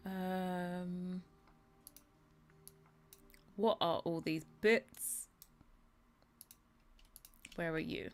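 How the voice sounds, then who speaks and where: Streaming her Sims custom content work, a British woman speaks low and steady, drawing out words with long pauses. She's tired and yawning, chatting casually with viewers while rambling, giggling and muttering to herself.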